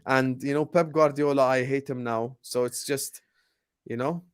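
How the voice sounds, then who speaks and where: A young man, ranting in a heated casual podcast chat, repeating his lines and swinging from loud to low. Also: fairly even intonation, normal speed, clean tone. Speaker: co-host.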